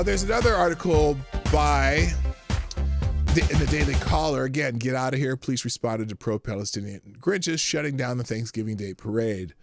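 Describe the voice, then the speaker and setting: A man hosting a live stream in a casual chatty way, reading articles aloud and laughing often. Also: mid-range voice. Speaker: live show host.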